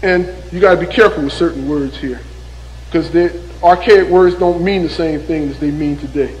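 A male preacher giving a sermon and reading scripture slowly and deliberately, with folksy joking asides to the congregation. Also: a little high, in a large hall, slight background noise, poor audio. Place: church.

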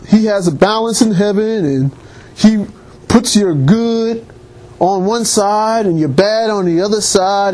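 A man preaching a sermon with emphatic rises and restarts. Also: high voice. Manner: animated preaching, rising emphatic peaks.

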